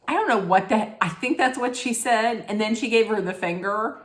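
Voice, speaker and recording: A woman's voice: mid-range voice, animated, normal speed, fairly bright tone. Blunt woman ranting in a roomy echo. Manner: rambling, blunt, swears freely. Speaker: reality TV recap vlogger. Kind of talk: casual rant.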